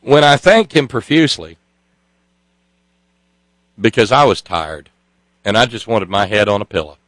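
A man's voice: fairly low pitch, very animated, fairly bright tone, no room sound, poor audio. A man co-hosting a casual chat, telling stories with frequent stops and restarts. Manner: halting storyteller with many restarts. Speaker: co-host.

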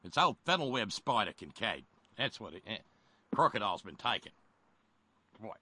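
A man's voice: fairly low pitch, very animated, normal speed, bright, forceful tone, breathy edge, no echo, exaggerated voice. A man voicing a rugged Australian outback man with a put-on Australian accent. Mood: swaggering.

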